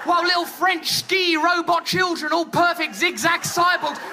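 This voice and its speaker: Loud music and a noisy crowd sit under this English-accented man's voice as he does a mock-grandiose, flamboyant, theatrical stand-up set on stage for a live audience. He speaks at normal speed in a very high, steady voice.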